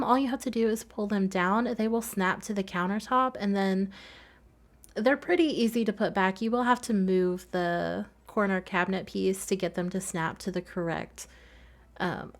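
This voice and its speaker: A woman from the Southern US with a slight nasal twang, speaking softly and quickly in a casual voice-over as she walks through her build, giggling often. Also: mid-range voice. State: recovering from a cold. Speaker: Sims builder narrating a speedbuild.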